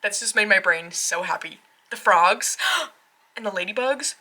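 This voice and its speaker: A woman gushing through a casual tarot deck walkthrough at home, excitable, with frequent gasps and fillers. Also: mid-range voice, unhurried. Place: home tarot room, rain outside.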